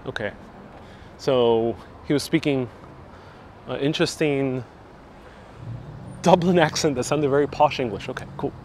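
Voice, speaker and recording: On a walking travel livestream through town streets, a man with a medium-pitched, darkish voice talks a little slowly and pauses often. He answers viewer comments with casual chat and jokes. His wireless clip-on mic adds a touch of hiss or hum.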